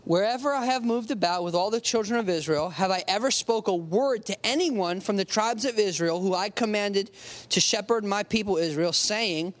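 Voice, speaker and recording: A preacher reading scripture aloud and explaining it in a casual, conversational way, slowing down to stress key words. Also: mid-range voice. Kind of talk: sermon with Bible reading.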